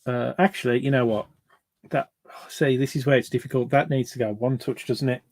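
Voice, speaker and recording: A man's voice: medium pitch, steady tone, a little fast, a little mellow, dry recording. A man hosting a card break, chatting casually with many fillers and restarts.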